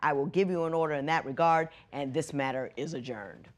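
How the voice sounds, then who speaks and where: A woman presiding as a judge on a courtroom TV show, lecturing emphatically and swinging from loud to hushed. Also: low voice, brisk, very noisy.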